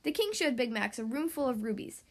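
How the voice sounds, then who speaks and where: A woman hosting a children's podcast, reading a storybook aloud in an expressive way. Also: a little high, brisk. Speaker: podcast host and reader.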